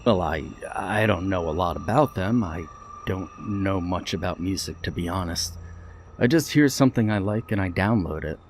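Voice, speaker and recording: A man's voice: sits low, normal speed, a little hiss or hum, lightly acted. A man voicing a shy, awkward young man who stutters self-consciously in a storybook tale. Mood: flustered.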